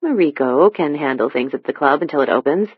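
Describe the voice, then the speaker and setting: Reader doing a poised, gracious American woman, audiobook dialogue, mid-pitched, muffled dry sound. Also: animated, a little fast, breathy edge, no echo. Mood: friendly.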